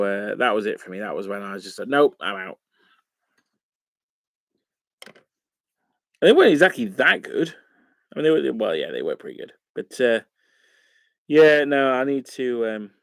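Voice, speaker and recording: A man talks through a casual live stream in a loose, rambling way, with lots of fillers. His voice has a gravelly, creaky edge. The sound is dry and close, with no room echo. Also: medium pitch. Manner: rambling and chatty, many fillers. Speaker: wargaming channel host. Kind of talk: casual live-stream chat while painting miniatures.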